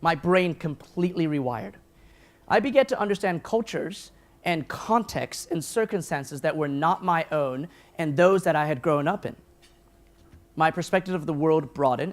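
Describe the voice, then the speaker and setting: A man's voice: a little high, normal speed. A man giving a keynote speech at a lunch event, telling a personal story in an earnest, self-deprecating way. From grew up in Taiwan, New Zealand and the United States. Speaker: keynote speaker. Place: event hall at a lunch gathering.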